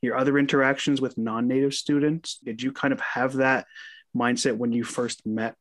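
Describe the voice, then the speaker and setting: Young male student interviewer, halting. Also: mid-range voice, flat delivery. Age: young adult. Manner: loose and halting, many fillers, drawn-out questions. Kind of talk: casual interview questions.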